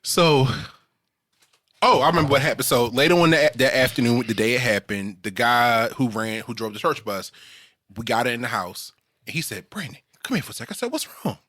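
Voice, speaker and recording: Podcast co-host, male, lively storyteller, bright forceful voice, dry close mic. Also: mid-range voice, moderate pace, no room sound. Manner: animated, laughs through his story. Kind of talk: casual storytelling chat.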